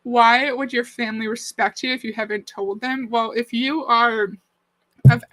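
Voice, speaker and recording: A woman with a bright, fairly high voice chats into a desk mic, critiquing a clip and greeting viewers by name. The sound is dry and close, with almost no room around her. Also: fairly even intonation, moderate pace, dry recording, low-quality recording. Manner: critical, conversational, reads out comments. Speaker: livestream host reacting to a video. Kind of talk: casual commentary and chat.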